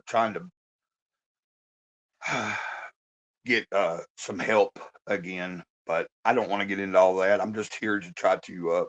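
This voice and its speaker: Hoarse low-voiced man on a phone stream. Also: a bit bright, muffled recording. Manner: halting, many fillers and restarts. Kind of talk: casual live-stream check-in.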